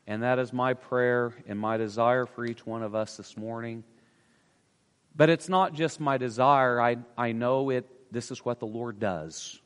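A man preaching an earnest sermon as pastor, swelling louder and then dropping to a hush. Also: medium pitch, a little slow, clear, resonant tone. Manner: earnest, with swells of loudness and hushed drops. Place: church sanctuary. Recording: long church reverb.

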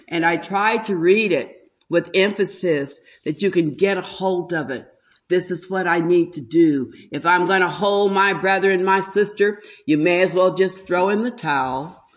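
A woman preaching a sermon slowly and emphatically, an older speaker. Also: lowish voice.

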